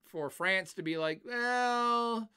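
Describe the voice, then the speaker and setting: Older male streamer, animated and chatty, answers viewer questions. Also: fairly high pitch, normal speed, clear, resonant tone. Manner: animated, laughs often, puts on silly voices. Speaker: livestream host. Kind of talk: casual livestream chat, answering chat questions.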